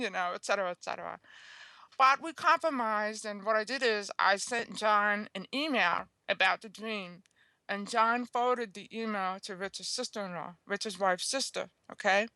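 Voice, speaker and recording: Earnest, chatty woman with a bright voice. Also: medium pitch, moderate pace, no room sound. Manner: chatty, earnest, checks in with "okay?" and "you know". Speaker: guest author. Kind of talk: telling a personal story in an interview.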